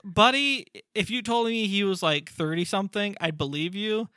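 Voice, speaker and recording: Bright, lively-voiced man chatting casually. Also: high-pitched, clean tone, no echo, clean studio sound. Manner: animated, acts out characters in quick bursts. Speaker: podcast co-host. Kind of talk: casual chat recapping a comic.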